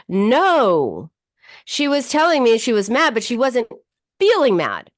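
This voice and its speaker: A woman psychotherapist hosts a talk podcast and walks through a client's story in plain explanatory speech. Her pitch rises and falls in a lively way, and she often restarts her sentences. The recording is close and dry. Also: moderate pace, no echo. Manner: explanatory, warm-paced storytelling with frequent "you know" and restarts.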